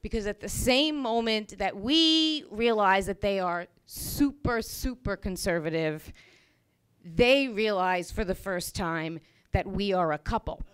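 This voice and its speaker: A woman telling a comic personal story on a small bar stage, animated and wry, with lots of "you know" fillers. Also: medium pitch, unhurried, smooth. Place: small bar stage before a live audience.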